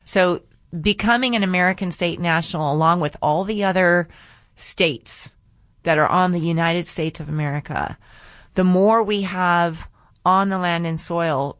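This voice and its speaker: A woman's voice: fairly low pitch, no echo. A woman hosting a faith-based radio talk show, earnest and a little preachy as she draws lessons from scripture.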